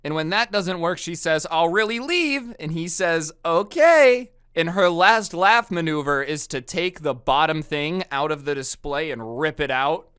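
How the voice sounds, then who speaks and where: A man's voice: on the high side, normal speed, few pauses, bright, forceful tone, smooth, dry recording, clean studio sound. A young man casually narrating a storytime video, conversational with sarcastic asides. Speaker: storytime YouTuber.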